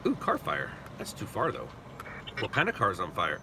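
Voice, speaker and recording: A man from Southern California, streaming live and chatting with viewers, talking slowly and carefully. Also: deep voice, wildly swooping pitch, vocal fry, noisy background. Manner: slow, deliberate talk, reads and answers viewer chat. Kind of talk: casual live stream chat.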